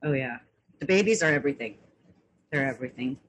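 A woman's voice: very deep voice, expressive, quick pace, slightly rough, poor audio. A woman calling in to a live stream panel, talking in a gushing, affectionate way. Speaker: caller. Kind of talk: casual chat.

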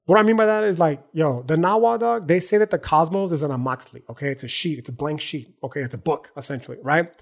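A man's voice: a little high, fast, creaky, hardly any pauses. A man hosting a solo podcast, talking in a casual, profane, slangy and emphatic way, often tagging his sentences with "right?" and "okay?". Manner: frequent "right?" and "okay?" tags. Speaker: podcast host.

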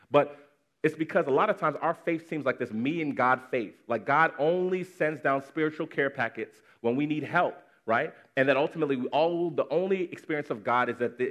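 A man's voice: medium pitch, fairly bright tone. A man preaching a sermon to his congregation in a conversational way, repeating words for emphasis. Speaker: pastor. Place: church congregation.

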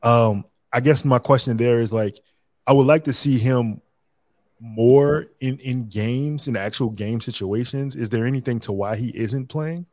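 A man co-hosting a podcast, putting a two-part question to the guest in a relaxed, slightly halting way. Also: mid-range voice, no echo, clean studio sound. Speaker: podcast co-host. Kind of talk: casual podcast interview.

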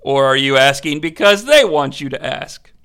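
A man voicing an aloof young prophet who answers calmly and evasively. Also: mid-range voice, moderate pace, vocal fry, pitched below the performer's own voice. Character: calm aloof prophet, male, young adult.

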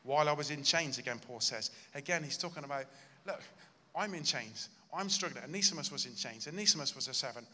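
A man preaches in a sermon, his voice very bright and forceful as it rings through a reverberant church hall. He stresses his points earnestly and acts out the lines he quotes. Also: fairly high pitch, animated, fairly quick. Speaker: pastor.

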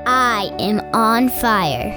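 A woman's voice: fairly high pitch, animated, drawn-out words, over music. A girl earnestly reciting affirmations in an ad.

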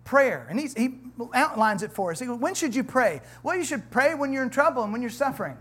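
A pastor preaching in a church with a lively, conversational delivery. The preacher mixes humor and asides to the congregation with scripture read aloud, building emphasis as the passage goes on. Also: high-pitched, a little fast, husky. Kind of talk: sermon.

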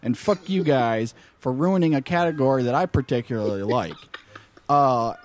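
A man's voice: medium pitch, moderate pace, noisy background. A man hosting a film podcast, ranting with heavy profanity and exasperation. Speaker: podcast host.

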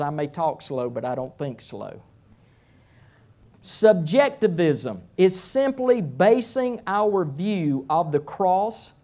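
Slow-talking preacher man. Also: high voice, darkish tone. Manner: slow, deliberate delivery. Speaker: pastor. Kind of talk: sermon.

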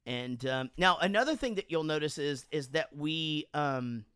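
A man casually telling animated stories on a podcast, swearing freely and acting out quotes, sounding a bit drunk. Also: fairly high pitch, normal speed, smooth, dry recording, studio quality. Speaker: podcast host and band frontman. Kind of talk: casual storytelling chat.

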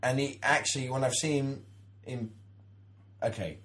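A man's voice: medium pitch, moderate pace, a bit bright. A man in his thirties, co-hosting a casual podcast and telling a long story with many restarts and acted-out quotes. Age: 30s. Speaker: podcast co-host. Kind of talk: casual chat, anecdote.

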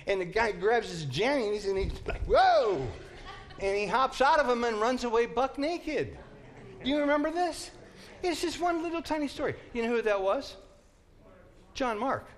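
A man teaching a Bible class in a lively, joking way, acting out the story for his listeners. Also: extremely high pitch, normal speed. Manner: animated, joking, acts out the story.

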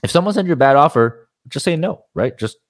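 A man's voice: a little high, animated, fast, dry recording, studio quality. A man talking as a guest on a podcast, frank and rambling, swearing casually as he explains his points.

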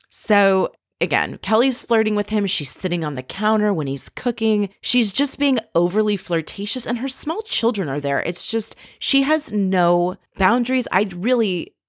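A woman's voice: lowish voice, no room sound, clean studio sound. A woman giving casual commentary on a reality show, blunt and sarcastic. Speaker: reality TV recapper.

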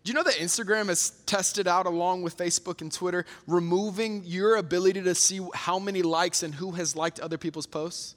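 A young man delivers a sermon with a fairly high voice and an earnest, storytelling manner, often restarting his sentences. His voice rings out with the long reverb of a large hall. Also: fairly even intonation, a little fast, hardly any pauses, a bit bright. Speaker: preacher.

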